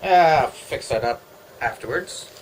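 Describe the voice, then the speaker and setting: The recording is poor, with a little background noise, as a middle-aged Canadian vlogger chats at home in a mid-range, expressive voice at a measured pace. He jokes around, talks to himself, and wanders all over the place topic-wise.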